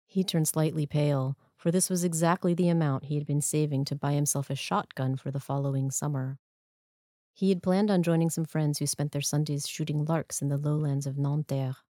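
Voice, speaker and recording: A woman narrating a story in a measured, even storytelling manner. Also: low-pitched, no room sound. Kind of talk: scripted narration. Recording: dry close studio sound.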